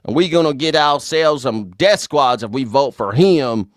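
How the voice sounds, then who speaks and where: A man's voice: mid-range voice, animated, measured pace, no echo, studio quality. A man hosting a live call-in show, ranting sarcastically and profanely about politics and mocking people in put-on voices.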